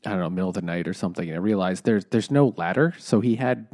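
A man's voice: deep voice, quick pace, a little mellow, dry recording, clean studio sound. A man casually retelling a book's plot with rambling restarts. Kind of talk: casual book discussion.

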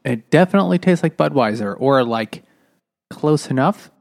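A man's voice: mid-range voice, expressive, moderate pace, vocal fry, dry recording. Wry man, dry close sound. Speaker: podcast co-host. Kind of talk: casual chat.

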